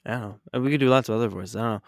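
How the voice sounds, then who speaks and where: A man's voice: mid-range voice, racing, no room sound, studio quality. A man painting on a live stream, chatting casually and reacting to chat in an upbeat, rambling way.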